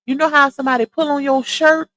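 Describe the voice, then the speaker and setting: A woman's voice: sits high, fairly even intonation, a little fast, pushed and bright, low-quality recording. Chatty Southern woman hosting a live stream. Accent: Southern US, Louisiana. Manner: chatty, talks straight to her viewers. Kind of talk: casual chat. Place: home streaming setup. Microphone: side-mounted boom arm mic.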